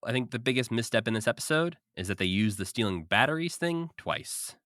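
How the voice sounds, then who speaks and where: A man's voice: medium pitch, expressive, brisk, fairly bright tone, no room sound, studio quality. A man co-hosting a podcast, chatting casually and recapping with frequent laughs. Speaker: podcast co-host. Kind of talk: casual chat.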